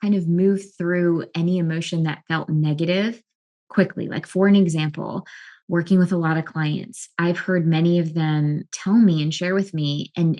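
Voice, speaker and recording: A middle-aged woman, a life and wellness coach, explaining emotions in a calm, earnest way with frequent restarts. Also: on the low side. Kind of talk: explanatory talk to camera.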